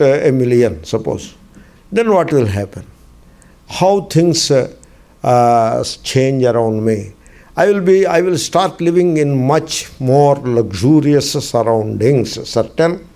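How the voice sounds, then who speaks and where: A man's voice: mid-range voice, creaky, dark tone. A man, a swami, teaching a spiritual discourse class, emphatic and fond of asking and answering his own questions, repeating key phrases with dry humor.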